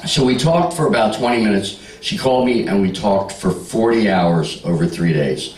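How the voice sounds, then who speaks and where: This comedian, in his sixties, works a live party audience with jokes, stories and crowd banter. A lowish, darkish voice at a moderate pace comes through a distant mic that makes the room sound large.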